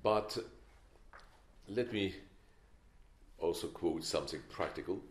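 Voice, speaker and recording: In an echoey lecture hall, an older man delivers a film masterclass in a low-pitched, slow voice. He is opinionated and emphatic and tells wry stories throughout the lecture.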